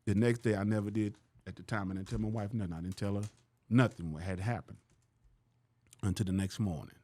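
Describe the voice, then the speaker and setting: A man's voice: lowish voice, brisk. A man from Louisiana, a comedian guest telling stories in casual slang and acting out the people in them. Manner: animated, slangy, acts out the people he quotes. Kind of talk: casual storytelling on a podcast.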